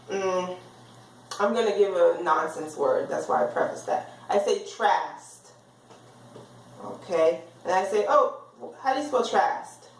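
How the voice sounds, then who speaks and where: A woman teacher explaining reading skills in a class lecture, sounding out words slowly. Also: medium pitch. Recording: roomy, from far off the mic.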